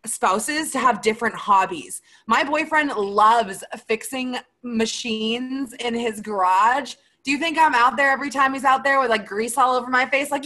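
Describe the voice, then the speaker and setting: Bright, chatty young woman. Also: a little high, poor audio. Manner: chatty and emphatic, full of "like" and "you guys". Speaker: direct sales team leader. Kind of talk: motivational Q&A livestream talk.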